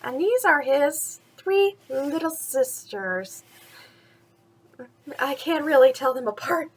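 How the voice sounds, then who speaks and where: A woman's voice: high-pitched, slow pace. A woman reading a children's picture book aloud at bedtime, with chatty asides about the pictures and frequent laughs. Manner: lively, laughs often, points out pictures.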